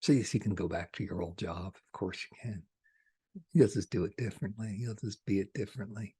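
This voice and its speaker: A man delivering a channeled spiritual message, soft-spoken and at times hushed. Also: on the low side, a little fast, breathy edge.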